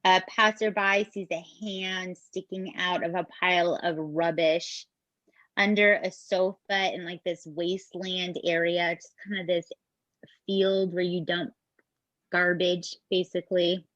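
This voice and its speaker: A woman's voice: lowish voice, level tone, a little slow, fairly bright tone, no room sound. A woman co-hosting a podcast, telling a true-crime story in a casual, emphatic way with some swearing. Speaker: podcast co-host. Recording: dull, dry lo-fi podcast mic.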